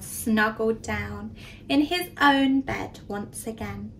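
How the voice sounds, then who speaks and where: A nursery teacher reading a storybook aloud to young children, expressive and pausing to ask questions. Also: female voice, fairly high pitch, far from the mic, a little hiss or hum, poor audio.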